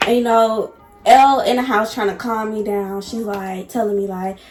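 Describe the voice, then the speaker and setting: A woman vlogger telling a personal story in an animated, emphatic way, addressing viewers directly. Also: mid-range voice, moderate pace, roomy sound, faint music behind. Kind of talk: casual storytime.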